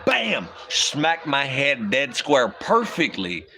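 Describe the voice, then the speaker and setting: A man's voice: medium pitch, wildly swooping pitch, takes it slowly, creaky, bright, forceful tone. A man in his thirties telling childhood stories casually on a livestream, swearing freely and laughing often between lines. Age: 30s. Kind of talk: casual storytelling.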